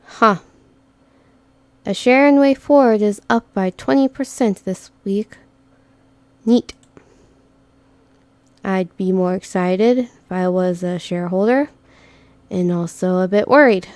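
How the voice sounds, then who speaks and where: Brief: woman reading as a dry, sarcastic young operative, slow and mellow. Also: medium pitch, dry recording, close to an everyday voice. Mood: wry. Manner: wry, sarcastic.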